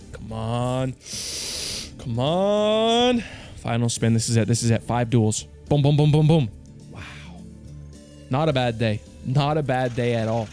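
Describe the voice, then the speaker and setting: A young man giving hyped, profane commentary over a slot game, jumping between mutters and loud yells. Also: medium pitch. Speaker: slots streamer.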